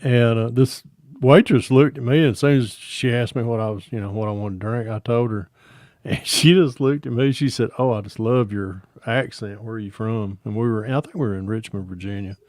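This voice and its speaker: A man from Georgia with a Southern accent, telling rambling stories with halting restarts in a casual livestream chat. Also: mid-range voice, darkish tone, dry recording, clean studio sound.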